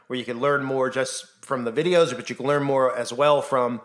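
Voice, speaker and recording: A man's voice: medium pitch, fairly even intonation, normal speed, a bit bright. A man talking to camera on his own channel, urgent and insistent, firing off rhetorical questions and acting out the voices he quotes. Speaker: Christian YouTuber. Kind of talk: impassioned monologue.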